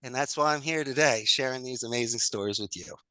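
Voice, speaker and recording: An upbeat man chatting as a podcast guest, his voice bright and forward. He leans on folksy sayings and easy humor. The sound is dry and close, with no room around it. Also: medium pitch, fast talker, no room sound. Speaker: podcast guest, call center owner. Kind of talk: conversational interview.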